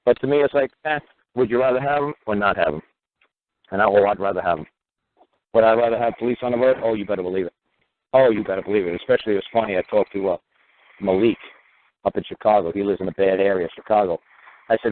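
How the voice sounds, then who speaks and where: A man's voice: fairly low pitch, fast talker. A man hosting a radio talk show, talking in a rambling, profane monologue that keeps coming back to "you know what". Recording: tinny phone-line sound.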